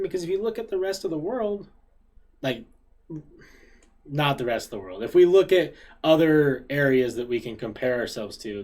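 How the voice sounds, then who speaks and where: A man's voice: a little high, darkish tone. Earnest man asking rhetorical questions. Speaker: podcast host. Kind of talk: casual podcast chat.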